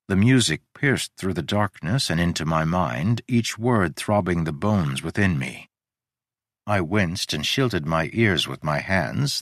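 A man with a low voice narrates a story in a measured, descriptive way. His pitch rises and falls in a lively way, and the recording is close and dry. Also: no room sound.

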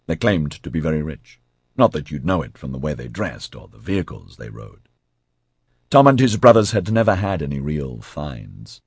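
A very deep, husky male voice narrating an audiobook, with wide, lively swings of pitch. He tells the story expressively, recorded close and dry with no room sound. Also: no room sound.

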